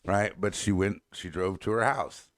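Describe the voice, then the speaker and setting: A man with a very deep voice chats loosely on a talk show and rambles from one story to the next. He laughs often, swears freely and sounds close and dry, with no room around him. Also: normal speed, no echo. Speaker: podcast co-host. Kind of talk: casual chat.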